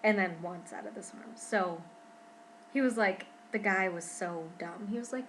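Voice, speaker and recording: A woman's voice: fairly low pitch, normal speed, slight background noise, rough recording. Chatty young woman vlogging at home. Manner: chatty and expressive, says "freaking" often. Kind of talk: casual pregnancy vlog.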